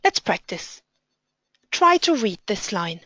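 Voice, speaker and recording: A woman explains pronunciation rules in an instructional tone, stopping to read example words with careful enunciation. Her pace is slow and deliberate. The sound is dry, with no room echo. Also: medium pitch, sing-song, bright, forceful tone. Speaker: Hebrew reading teacher.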